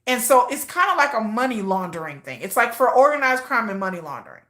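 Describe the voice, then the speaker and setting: A woman's voice: fairly high pitch, big pitch swings, fast, a bit bright, roomy sound. A woman giving casual, emotional commentary, often repeating herself. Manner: emotional, repetitive, restarts often. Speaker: commentary vlogger.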